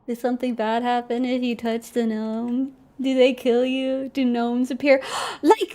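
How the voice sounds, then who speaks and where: A woman's voice: on the high side, level tone, slow, long pauses, a little mellow. A young woman streaming a game, chatting casually, giggling and squealing often. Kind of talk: casual gameplay commentary.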